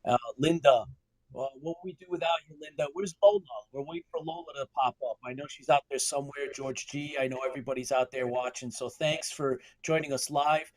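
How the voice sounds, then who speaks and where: A man's voice: mid-range voice, fairly quick, no echo, poor audio. A man hosting a live sci-fi news broadcast, upbeat, greeting viewers by name and laughing often. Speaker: host.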